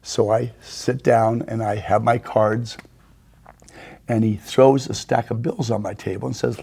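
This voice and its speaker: Older male host, gravelly and husky, slow storyteller who drops his voice for quotes. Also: on the low side, flat delivery, dark tone. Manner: unhurried anecdotes, quoting others in dropped voice. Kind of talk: casual storytelling interview.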